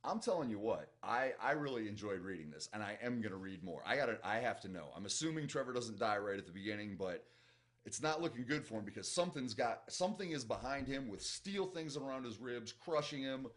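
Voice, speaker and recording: A man's voice: medium pitch, lively intonation, brisk, a bit bright. A man with a Midwestern accent who reads a novel aloud and reacts to it in a chatty, enthusiastic way. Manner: chatty, enthusiastic, self-interrupting. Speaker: book reaction host.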